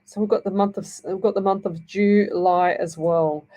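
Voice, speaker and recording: A woman's voice: fairly low pitch, fairly even intonation, moderate pace, warm tone, highs cut off. A middle-aged woman hosting a live psychic radio show, talking in a rambling, reassuring way and checking in with "okay?" as she reads. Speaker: psychic medium radio host.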